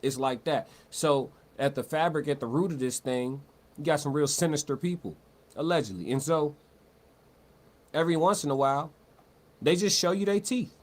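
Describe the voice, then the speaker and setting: A man's voice: fairly high pitch, normal speed. Slangy male livestream commentator, talks loose. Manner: loose, conversational, repeats words and restarts, slangy. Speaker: livestream host. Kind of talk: live-stream commentary, reading chat.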